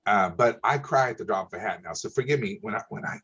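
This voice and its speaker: A man's voice: lowish voice, expressive, fast, fairly bright tone, slightly rough, dull audio. A man, an insurance broker telling client stories in a folksy, emphatic way, often checking in with "okay?". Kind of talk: casual storytelling.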